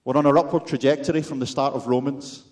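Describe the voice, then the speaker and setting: A man's voice: medium pitch, steady tone, fast, a little mellow. A man with a Scottish accent preaching a sermon, with wry, self-deprecating humor and rhetorical questions to the congregation.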